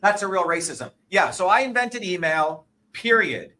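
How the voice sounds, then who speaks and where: A man in his sixties, a guest in an interview, talking in a combative, profane and emphatic way, often pausing to ask "okay?" or "you see?". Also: high voice, very animated, sharp tone. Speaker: interview guest, presidential candidate.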